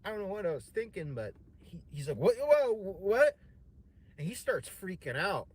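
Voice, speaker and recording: A man's voice: a little high, big pitch swings, brisk, a bit bright, husky. A young man telling a personal story in a casual, rambling way, swearing often and full of fillers and restarts. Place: home streaming setup.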